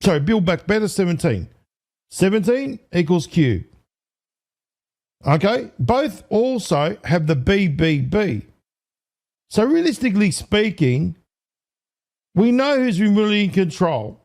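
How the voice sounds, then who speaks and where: A man hosting an online commentary video, talking excitably to viewers, counting aloud and correcting himself as he goes. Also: sits high, slow, pauses often. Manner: excitable, addresses viewers as ladies and gentlemen. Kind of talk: casual commentary to camera.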